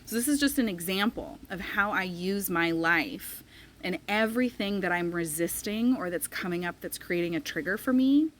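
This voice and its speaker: A woman's voice: lowish voice, normal speed, a bit bright, slight background noise, rough recording. A woman in her thirties telling a personal story in a chatty vlog, full of "like" fillers. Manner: chatty, frequent "like" fillers, emotional retelling. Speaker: spiritual coach.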